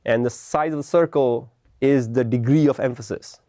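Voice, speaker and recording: In a mellow, mid-range voice at normal speed, a man gives a classroom lecture on film composition, patiently explaining and adding "right?" after his points. There is no room sound; the recording is clean and studio-made.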